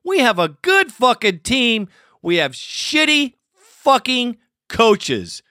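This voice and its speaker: Male podcast host, furious cursing fan rant, bright forceful voice, dead-dry booth. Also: extremely high pitch, wildly swooping pitch, slow, dry recording. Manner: profane and furious, swearing constantly. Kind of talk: angry postgame rant.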